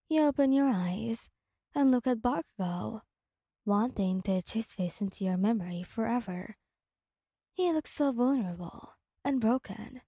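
A woman narrates a second-person ASMR story in a soft, unhurried way. Her voice sits a touch high yet sounds mellow and dark in tone, recorded dry and close. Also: no echo.

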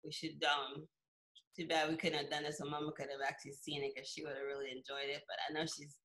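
Woman, bright tone, gentle; brief remarks on a video call. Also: sits low, little pitch movement, fast talker, low-quality recording. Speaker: relative on a family call.

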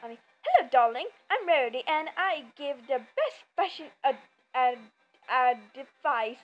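A woman's voice: high voice, very animated, normal speed. A woman putting on a posh, fashionable female pony character from a game, with an affected drawl that calls people darling. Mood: posh, showy. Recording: muffled lo-fi, faint game music.

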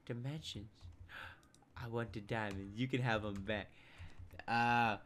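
A young man giving casual commentary over a game he plays, mumbling to himself one moment and shouting the next. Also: lowish voice, a little slow, a little hiss or hum. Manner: excitable, jumps from mumbling to loud outbursts. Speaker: gameplay commentator. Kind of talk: casual let's play commentary.

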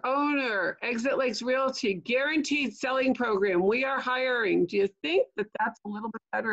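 Older lady coaching on a video call, chatty, gravelly voice, kinda dull lo-fi audio. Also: mid-range voice. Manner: chatty, keeps asking "okay?" and "right?"; jokey asides. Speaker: LinkedIn trainer. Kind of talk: online training webinar.

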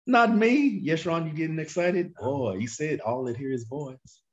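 A man teaching a Bible class, questioning his students and drawling key phrases slowly for emphasis. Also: on the high side. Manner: animated, questions the class and waits for answers. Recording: dull lo-fi recording.

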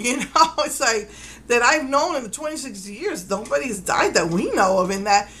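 A woman's voice: mid-range voice, expressive, brisk, pushed and bright, low-quality recording. A middle-aged mother chatting in a casual vlog, retelling events with quoted dialogue and nervous laughter. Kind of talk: casual personal vlog storytelling.

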